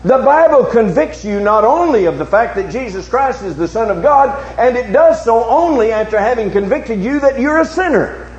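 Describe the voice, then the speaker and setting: A male preacher giving a sermon, swinging from low hushed tones to loud, emphatic challenges with repeated rhetorical questions. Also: lively intonation, moderate pace, hardly any pauses. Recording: echoey, dull recording with faint hum.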